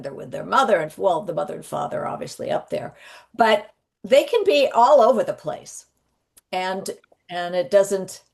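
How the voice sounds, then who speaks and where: A woman guest, a psychic medium, telling stories in a rambling, animated way with frequent restarts. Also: fairly low pitch, vocal fry. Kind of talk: conversational storytelling.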